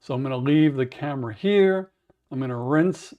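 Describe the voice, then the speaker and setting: A man with a raspy voice, chatting in a rambling way to viewers on a livestream from home, humming to fill the wait. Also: mid-range voice, moderate pace, dark tone, highs cut off. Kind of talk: casual livestream chat. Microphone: wearable mic.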